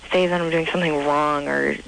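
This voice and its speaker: A woman's voice: sits low, steady tone, a little fast, vocal fry, a bit bright. A teenage girl calling into a radio show, hesitant and giggly, her words stumbling. She comes through a phone line with faint noise behind her. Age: teens. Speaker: caller. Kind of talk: phone-in conversation.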